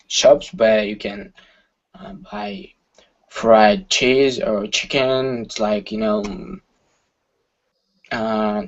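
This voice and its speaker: A man's voice: on the low side, creaky, muffled recording. A man studying English who reads and explains carefully, hesitating between words. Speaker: language student.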